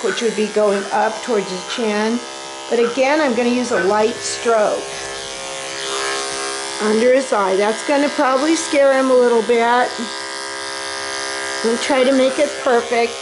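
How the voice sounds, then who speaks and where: A woman dog groomer explaining a puppy's grooming step by step, calmly soothing the puppy as she works. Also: noisy background. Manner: calm explaining, soothing a squirming puppy with high coos. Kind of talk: instructional grooming demo. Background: electric clippers and a puppy.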